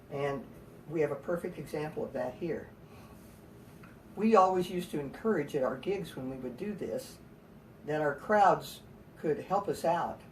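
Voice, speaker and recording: A woman's voice: low-pitched, a little hiss or hum. A woman musician telling wry, folksy stories between songs, heard from a distance with guitar behind her. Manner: relaxed, wry, folksy humor. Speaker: singer-songwriter performer. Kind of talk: storytelling song introductions.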